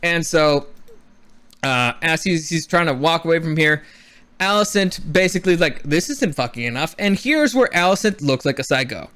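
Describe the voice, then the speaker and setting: Animated high-voiced man ranting about a show. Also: moderate pace, smooth. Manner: animated, swears, acts out characters' lines. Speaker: show reviewer. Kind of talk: casual opinion rant.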